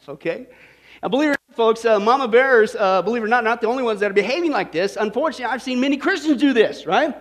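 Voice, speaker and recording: A man's voice: very high-pitched, fast talker. A male pastor preaching a sermon in a jokey way, talking with his audience and checking in with "right?" and "okay?".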